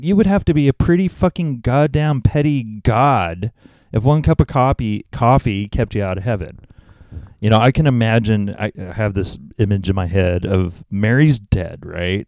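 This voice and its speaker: A man's voice: on the low side, darkish tone, dry recording. A man giving profane, sarcastic commentary, mocking a talk he is reacting to. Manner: sarcastic, swears constantly, exasperated.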